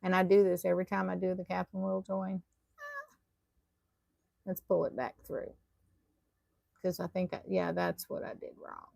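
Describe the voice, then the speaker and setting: Lady teaching a tatting class live, real gravelly low voice, chatty, laughs at herself, dry close mic. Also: moderate pace, long pauses, darkish tone, no echo. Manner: chatty, self-deprecating, talks to viewers while working. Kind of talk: live online craft class.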